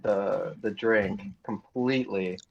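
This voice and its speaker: A man's voice: lowish voice, steady tone, slow pace, creaky, darkish tone. A man playing a tabletop game, talking as his character in an earnest campaign-speech manner. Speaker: player. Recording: dull lo-fi mic.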